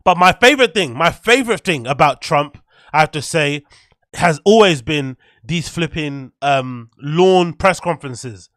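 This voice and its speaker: A man hosting a casual livestream, excitable and slangy, chatting to his viewers from a computer. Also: fairly high pitch, a little slow, no echo, clean studio sound. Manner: excitable, slangy, talks to the chat. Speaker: livestream show host.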